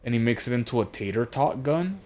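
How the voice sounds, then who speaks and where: A man casually recapping a movie while playing a game, rambling and halting, often distracted. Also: mid-range voice, expressive, a little mellow, a little hiss or hum. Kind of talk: casual chat. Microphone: console voice chat headset. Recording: dull lo-fi voice chat audio.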